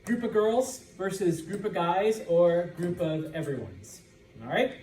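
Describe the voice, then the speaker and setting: A man with an American accent lectures a classroom at an unhurried pace, joking with his students and checking in with them all the time. His voice comes from some distance away and bounces around a roomy hall, with faint room noise underneath. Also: high-pitched, animated, a little mellow. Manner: informal, joking, checks understanding with constant "okay?". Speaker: Spanish teacher.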